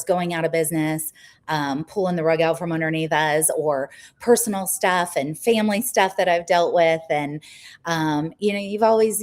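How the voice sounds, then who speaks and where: A woman in her forties joins a podcast as a guest. Her voice sits a bit low. She speaks warmly and informally, with frequent fillers and restarts as she thanks her friend. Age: 40s. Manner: warm, grateful, many fillers. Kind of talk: casual conversation.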